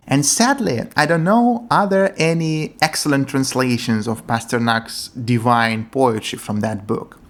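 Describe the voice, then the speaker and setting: A man's voice: mid-range voice, fairly bright tone. Earnest man explaining poetry translation. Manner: earnest, enthusiastic, non-native English phrasing.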